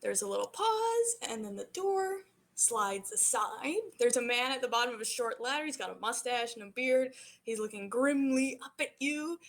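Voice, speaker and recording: A woman's voice: on the high side, animated, normal speed. Casual woman game master narrating. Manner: casual, filler-heavy narration.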